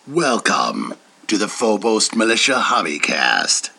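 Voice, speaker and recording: A very deep, gravelly announcer, as a man puts it on, slow and solemn in an overly dramatic way. Rough fry rumbles under each word. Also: big pitch swings, bright, forceful tone, heavily acted. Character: deep gravelly male announcer reading an intro.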